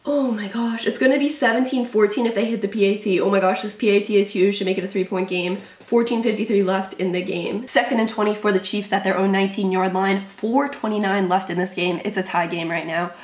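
A woman's voice: mid-range voice, steady tone, quick pace, few pauses. A young woman reacting to a football game as a fan, narrating each snap in short, clipped lines with nervous energy. Her voice sits in an ordinary middle range for a woman. It rings with a hollow echo off the room. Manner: nervous play-by-play, shrieking at big plays; calls plays in short clipped sentences. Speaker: sports fan commentator. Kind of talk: live game reaction commentary.

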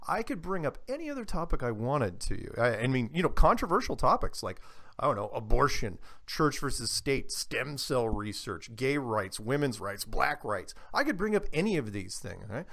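Give me an animated male interview guest with a middle-pitched voice. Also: moderate pace, vocal fry. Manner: animated storyteller, frequent restarts. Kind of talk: casual radio interview chat.

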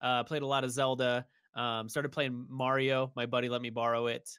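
Brief: young male podcaster, bright forceful tone, dry close mic, rambling storyteller. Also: medium pitch, normal speed, smooth, no room sound. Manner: rambling, animated storytelling with shouted impressions. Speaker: podcast co-host. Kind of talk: casual chat.

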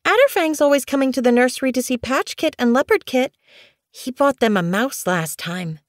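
A woman's voice: high-pitched, moderate pace, no echo, clean studio sound, pitched above the performer's own voice. A woman voicing Snow Kit, a young she-kitten who whines and fidgets, in an audiobook. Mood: whiny. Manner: whining, excitable. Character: high whiny she-kitten, eager and pushy. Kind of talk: audiobook character voice.

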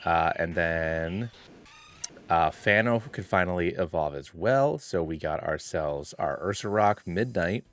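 A man's voice: sits low, lively intonation, a little slow. A man streaming a video game, chatting playfully and greeting his chat by name. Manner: hushed and quiet at first.

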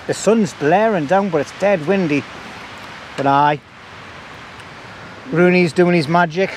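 A man's voice: sits high, measured pace. A jokey, chatty man vlogging from windy woodland. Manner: jokey, chatty, laughs a lot. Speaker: bushcraft vlogger. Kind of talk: casual chat to camera. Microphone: camera mic. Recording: wind noise.

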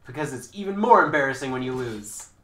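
A man streaming a game from a couch, chatting and taunting opponents with sudden loud outbursts. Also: mid-range voice, lively intonation, quick pace, reverberant. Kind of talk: live gameplay chat. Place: indoors on a couch while house sitting.

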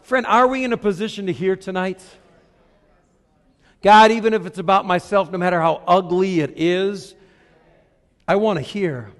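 A middle-aged man preaching a sermon as a pastor, asking rhetorical questions and shifting between hushed and loud passages. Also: sits high, normal speed, long pauses, in a large hall.

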